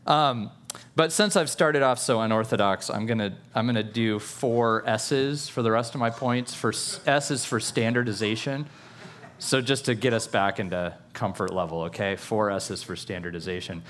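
A man's voice: on the low side, normal speed, a bit bright. A man preaching a sermon in a playful, conversational way, with self-aware jokes and asides to the listeners. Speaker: pastor.

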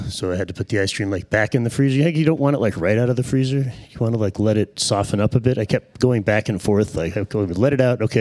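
Man, 40s, earnest testimony speaker, lowish voice, dry close sound. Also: a little mellow, dry recording. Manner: earnest, reflective, searching for words. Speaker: speaker sharing a personal testimony. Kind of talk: personal testimony storytelling. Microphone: handheld microphone.

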